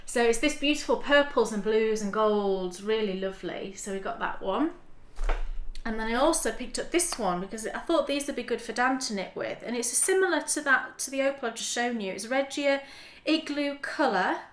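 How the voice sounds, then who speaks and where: A somewhat high-voiced woman talks through her yarn purchases in a casual, rambling way, often stopping to restart a sentence. Her voice rings in an echoey room. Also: animated, normal speed, a little hiss or hum. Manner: chatty, restarts often, shows items to camera. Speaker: podcast co-host. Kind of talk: casual knitting podcast chat.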